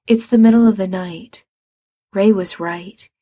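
A woman reading fiction aloud in a calm, measured way. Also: mid-range voice, no echo, clean studio sound. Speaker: reader.

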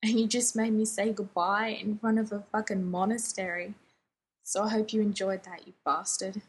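A woman's voice: mid-range voice, flat delivery, moderate pace, husky. Dean, a woman doing a grieving older brother. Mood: pleading. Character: grieving young man, devoted older brother. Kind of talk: fan fiction reading.

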